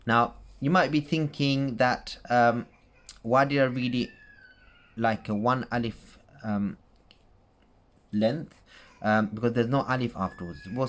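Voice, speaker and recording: A man teaching Quran recitation rules in a casual tutorial, patient, repeating points and checking in with "okay?" and "right?". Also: mid-range voice.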